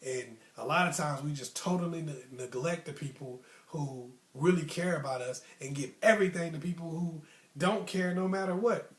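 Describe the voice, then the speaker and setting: A man with a fairly high voice tells a personal story in a loose, slangy way, drifting into asides as he goes. The recording has a noticeable roomy echo around him. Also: moderate pace. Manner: relaxed, slangy, rambling asides. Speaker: storyteller host. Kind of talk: casual storytelling.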